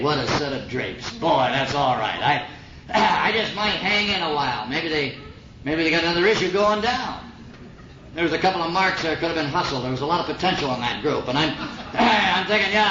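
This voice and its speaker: Man sharing his story on old tape. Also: fairly high pitch. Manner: folksy, earnest storytelling with slang. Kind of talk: recovery meeting talk. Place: meeting hall. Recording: old 1950s tape, roomy and muffled with hiss.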